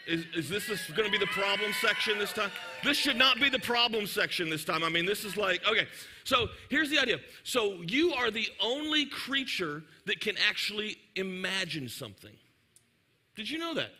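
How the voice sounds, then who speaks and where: A man, preaching to his congregation. He tells a lively, joking story and talks directly to the crowd. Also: high voice, moderate pace, husky. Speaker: pastor. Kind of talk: sermon storytelling.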